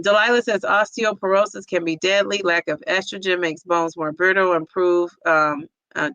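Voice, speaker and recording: A woman's voice: on the low side, bright, forceful tone, dry recording, muffled recording. A woman hosting a livestream, reading viewer comments aloud and reacting with empathy and lots of fillers. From United States. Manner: emotional, empathetic, many fillers. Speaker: host reading viewer chat. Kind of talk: casual livestream chat.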